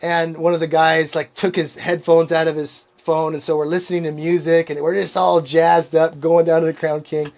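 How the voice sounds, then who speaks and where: A man's voice: on the high side, moderate pace, vocal fry, few pauses, muffled recording. A middle-aged man hosting a podcast, telling a long story in a casual monologue, laughing often and acting out the people he quotes. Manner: animated, laughs often, acts out quoted voices. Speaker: podcast host.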